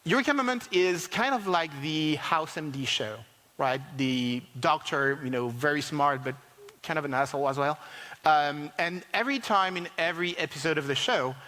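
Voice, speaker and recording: Man speaker at a tech conference, higher voice, lively, lots of ums, long hall reverb. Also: moderate pace. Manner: animated, many fillers and restarts.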